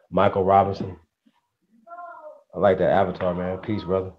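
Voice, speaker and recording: A man hosting a casual livestream, greeting viewers by name in a slangy, upbeat way. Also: low voice. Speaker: livestream host. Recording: dull lo-fi stream audio with faint noise.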